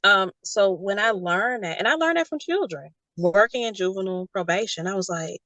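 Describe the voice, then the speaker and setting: Brief: young adult woman, lively storyteller, dry close sound. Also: mid-range voice, normal speed, few pauses, no room sound. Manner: animated storytelling, quotes others in character. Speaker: guest. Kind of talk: casual conversation.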